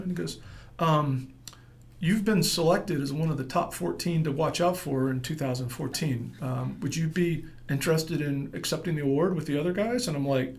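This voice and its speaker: Middle-aged male entrepreneur, gravelly voice, rambling storyteller who acts out the quotes. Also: on the high side, a little mellow. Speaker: entrepreneur guest. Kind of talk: storytelling in a casual interview.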